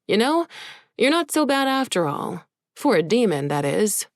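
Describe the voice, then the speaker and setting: A woman's voice: mid-range voice, sing-song, normal speed, no room sound, voice pushed up. Teen boy, wry and eager, joking tone , woman reader voicing him, dry close sound.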